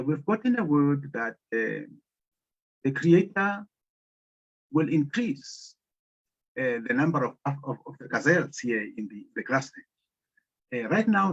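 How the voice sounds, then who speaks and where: A man giving a storytelling lecture on African philosophy, speaking haltingly with many fillers and pauses. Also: a little high, husky. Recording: muffled lo-fi audio.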